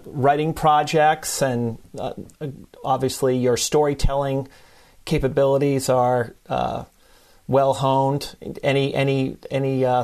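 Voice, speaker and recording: A man's voice: mid-range voice, darkish tone. Chatty, affirming male podcast host. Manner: affirming, chatty, many "you know"s. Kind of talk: conversational interview.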